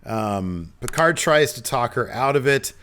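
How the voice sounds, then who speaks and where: A man co-hosting a podcast, recapping an episode step by step with lots of ums and quick quoted lines. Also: mid-range voice, lively intonation, fairly bright tone, clear, resonant tone. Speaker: podcast co-host.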